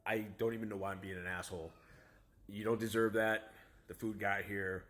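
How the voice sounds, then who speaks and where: A man's voice: on the low side, little pitch movement, normal speed, fairly bright tone. A man, a father, casually telling a story to camera in a rambling, self-critical way, full of restarts and asides. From United States. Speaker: vlogger, father.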